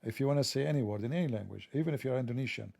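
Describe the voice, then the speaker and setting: A man with a gravelly, creaky voice and a dark, mellow tone runs a sarcastic monologue on his livestream. He mocks and jokes throughout, and the sound is dry and close with no room echo. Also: mid-range voice, rapid-fire. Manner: sarcastic, joking, mocking. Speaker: livestream host. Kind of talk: mocking monologue.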